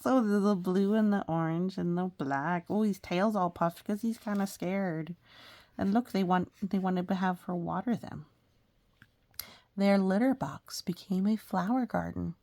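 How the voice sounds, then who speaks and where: बच्चों को कहानी पढ़ती धीमी, खरखराती आवाज़ वाली महिला. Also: female voice, fairly low pitch, creaky, no room sound. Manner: animated, talks to young listeners about the pictures. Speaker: storybook reader. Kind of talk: reading a picture book aloud with chatty asides.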